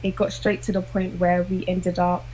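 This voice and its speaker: A woman's voice: fairly low pitch, monotone, normal speed, dark tone, faint music behind, low-quality recording. A young woman telling a personal dating story in casual chat, hesitant and full of fillers. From South London. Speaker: guest.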